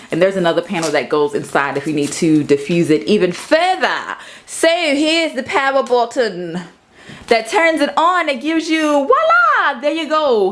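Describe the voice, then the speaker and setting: A woman in her thirties giving a casual, playful tour of her home office studio, talking to the camera and sometimes to her cat. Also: a little hiss or hum. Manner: chatty, playful, breaks into high baby-talk with her cat. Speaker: vlogger.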